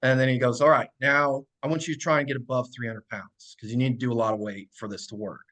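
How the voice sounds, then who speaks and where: Man, thirties, podcast guest, middle pitch, easygoing anecdotal delivery, filler-heavy. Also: fast. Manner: relaxed, many fillers, laughs while telling stories. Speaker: podcast guest, strength coach. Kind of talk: casual storytelling.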